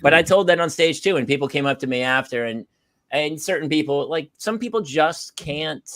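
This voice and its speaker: A man's voice: on the high side, lively intonation, moderate pace, a bit bright, no room sound. A man hosting a casual talk show, telling stories in an emphatic way. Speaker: host. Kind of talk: casual chat, storytelling.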